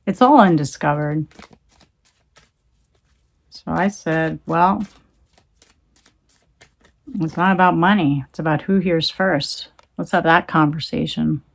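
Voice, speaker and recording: A woman's voice: deep voice, takes it slowly, gravelly, long pauses. A woman talking into her phone in a rambling, emphatic monologue, swearing when she gets heated. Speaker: tarot reader.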